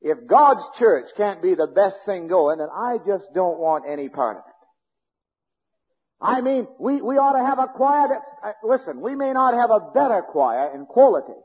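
Fiery preacher, man with a very high husky voice, shouts then drops low, dull recording echoing through a big hall. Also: big pitch swings, normal speed. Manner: swings between shouting and low intense speech. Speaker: pastor. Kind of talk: fiery sermon. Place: church sanctuary.

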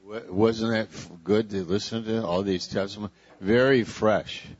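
A man, a pastor leading a sermon, who slowly and playfully coaxes the congregation to repeat words after him. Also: lowish voice, steady tone, no echo. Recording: dull lo-fi church recording.

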